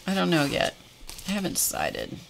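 A woman's voice: lowish voice, wildly swooping pitch, normal speed, vocal fry, slight background noise. A woman hosting a live craft stream, chatting casually with viewers and often restarting her sentences. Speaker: craft livestream host.

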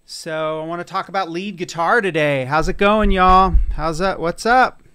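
A man's voice: sits high, normal speed, pushed and bright, clean tone, no echo. A man from California hosting a live guitar lesson, casual and chatty, greeting viewers between explanations. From Sacramento, California. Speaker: guitar teacher. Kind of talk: live-streamed guitar lesson with chat replies. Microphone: studio mic, a bit away from him.

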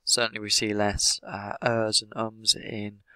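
Measured low-voiced English teacher, dry sound. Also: male voice, flat delivery, sharp tone, clean tone, dry recording. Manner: measured, explanatory, many "sort of" fillers. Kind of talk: explanatory lesson analysing an interview.

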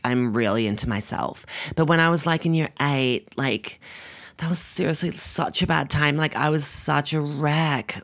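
A man's voice: fairly high pitch, fairly bright tone. A man playing a vain, crude, self-obsessed young rich girl with a Sydney Australian accent, talking in a comedic vlog monologue full of "like" fillers. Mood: self-absorbed. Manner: constant "like" fillers, bratty and self-absorbed.

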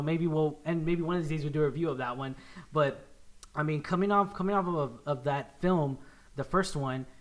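Upbeat young guy hosting a movie review, kinda high voice, rambles and restarts a lot. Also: fairly bright tone. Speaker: podcast host. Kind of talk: casual movie review chat.

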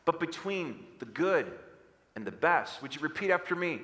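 A man preaching a sermon as pastor, energetic and leading the congregation in call-and-response. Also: a little high, quick pace. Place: church hall. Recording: long church hall reverb.

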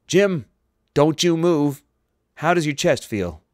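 A man voicing a gruff male ship's doctor who scolds and gives orders. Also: a little high, expressive, slow, dry recording, clean studio sound, voice pushed up. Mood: scolding. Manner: bossy, scolding.

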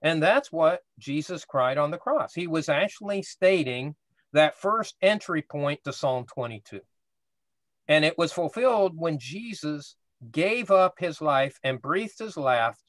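A man's voice: fairly high pitch, expressive, unhurried, fairly bright tone, dry recording. A man teaching a casual Bible study class, explaining step by step and often checking in with "right?".

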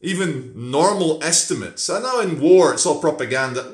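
A man's voice: a little high, animated, moderate pace. A man vlogging in a rambling, unscripted monologue, blunt and profane, with sardonic asides. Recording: roomy echo.

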